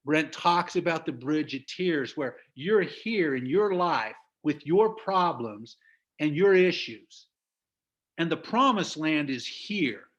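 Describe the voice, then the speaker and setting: A man's voice: on the high side, animated, slow, fairly bright tone, highs cut off. A middle-aged man from the United States giving an emphatic motivational business talk over a video call. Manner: emphatic, preachy, laughs at own stories. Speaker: business trainer.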